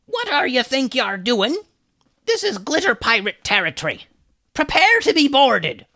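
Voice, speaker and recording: A man voicing a brash, swaggering female pirate who yells and taunts, read aloud from a storybook. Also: high voice, huge pitch swings, measured pace, no echo, clean studio sound, pitched above the performer's own voice, full character voice. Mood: taunting. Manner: taunting, loud yelling.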